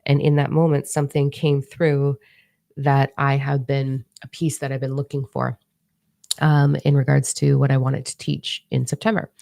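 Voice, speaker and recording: A woman's voice: extremely low pitch, little pitch movement, moderate pace, gravelly, mellow, no echo, clean studio sound. A woman in her forties, a spiritual teacher telling a story in a casual, rambling monologue, blunt and swearing freely. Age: 40s.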